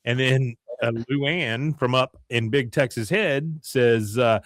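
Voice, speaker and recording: A man hosting a podcast, casually retelling a TV episode with lively storytelling. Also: mid-range voice, slow, hardly any pauses, no echo, clean studio sound. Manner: animated storytelling, slips into character voices. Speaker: podcast host.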